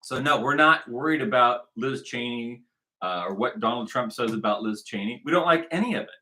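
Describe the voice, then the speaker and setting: A man's voice: mid-range voice, fairly quick, bright, forceful tone. An American man from the United States giving sarcastic, rambling commentary on news clips and often repeating phrases.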